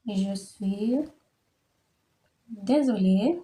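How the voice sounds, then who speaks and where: A woman's voice: mid-range voice, dark tone, breathy edge. Patient woman teaching French phrases. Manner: patient, drills pronunciation slowly, checks understanding. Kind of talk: online language lesson.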